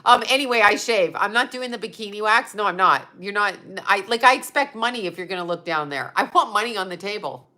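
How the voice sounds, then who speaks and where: A woman's voice: medium pitch, expressive, quick pace, few pauses, pushed and bright. A woman in her fifties with a stuffy nose, hosting a casual livestream chat, talking freely and with a lot of swearing, often laughing as she answers her viewers. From Utah. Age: 50s. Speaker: psychic medium host.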